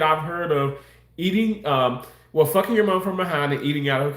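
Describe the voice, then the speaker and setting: A man's voice: moderate pace, fairly bright tone. A man livestreaming and reading chat aloud, making crude jokes and protesting with mock innocence. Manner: voice jumps high when protesting. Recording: roomy echo.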